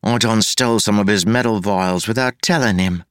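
A man's voice: on the low side, normal speed, fairly bright tone, smooth, no room sound, clean studio sound, natural voice. A man voicing a brash, mocking evil female double of the hero, using exaggerated street slang. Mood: taunting.

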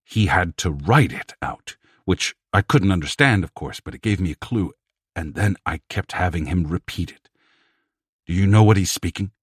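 A man's voice: low-pitched, animated, normal speed, breathy edge, dry recording, studio quality. A man voicing a startled middle-aged language scholar who speaks in a quavering, amazed way.

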